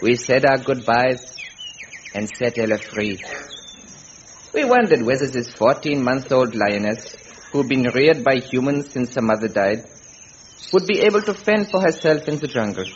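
A man narrating a story in a calm, sincere, deadpan way. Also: mid-range voice, moderate pace. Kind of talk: deadpan parody nature narration. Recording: lo-fi recording with noise.

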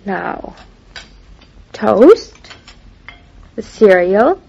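A woman's voice: mid-range voice, big pitch swings, extremely slow, gravelly, dark tone, a little hiss or hum, exaggerated voice. An actress playing a cheerful, playful young wife in a vintage radio drama, bubbly and bossy as she gives orders. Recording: muffled old radio recording.

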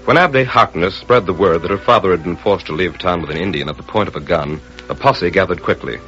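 Brief: male radio narrator, low, measured, dramatic, muffled old broadcast, faint music. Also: sharp tone.

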